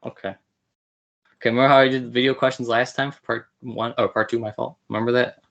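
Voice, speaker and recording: A man's voice: mid-range voice, flat delivery, fast, creaky, a bit bright, lo-fi sound. A young man hosting a casual podcast interview, eager and playful, often laughing. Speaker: podcast host.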